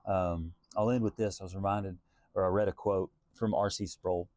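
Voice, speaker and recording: A man's voice: deep voice, fairly even intonation, moderate pace, darkish tone, no room sound. A man, a Christian singer-songwriter, giving an earnest, reflective devotional talk and thinking aloud as he goes.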